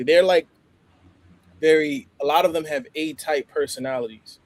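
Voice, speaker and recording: American man, slightly high voice, animated casual podcast talk with lots of restarts. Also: moderate pace. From United States. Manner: animated, laughs often, many restarts.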